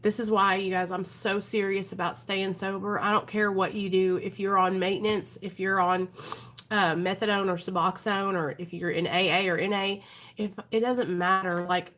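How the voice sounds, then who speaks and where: A woman's voice: mid-range voice, flat delivery, normal speed, fairly bright tone. A woman hosting a recovery livestream from her home, talking to her viewers in a frank, earnest, casual way. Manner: frank and earnest, often addresses viewers as "you guys". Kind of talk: casual live-stream talk to viewers.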